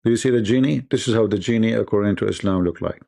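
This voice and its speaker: A man's voice: on the low side, quick pace, vocal fry, dark tone. Joking male livestream host. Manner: joking storyteller, mimics voices, laughs often. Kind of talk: livestream debate chat.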